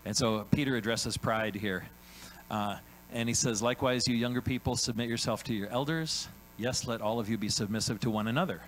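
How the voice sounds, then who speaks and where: Animated preacher man asking "right?". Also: medium pitch, fairly quick, slight background noise, low-quality recording. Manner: animated, acts out God's voice in quotes, frequent "right?" tags. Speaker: pastor. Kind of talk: sermon. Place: church sanctuary.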